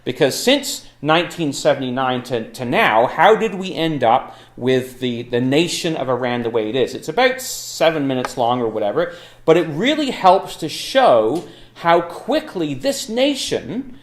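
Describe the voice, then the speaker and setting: A man's voice: on the high side, sing-song, a little slow. Casual, chatty man lecturing in an echoey room. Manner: casual, chatty, frequent ums and uhs. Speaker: Bible talk speaker. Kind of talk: informal lecture on history.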